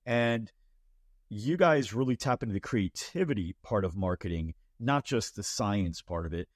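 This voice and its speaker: A man hosting a casual interview, playful and quick to laugh. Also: on the low side, lively intonation, dry recording, studio quality. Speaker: podcast host.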